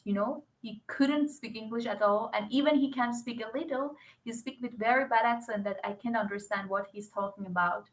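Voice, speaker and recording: A woman's voice: fairly high pitch, bright, forceful tone, low-quality recording. A young woman English teacher chatting casually and animatedly about her students, with non-native phrasing. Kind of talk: casual chat.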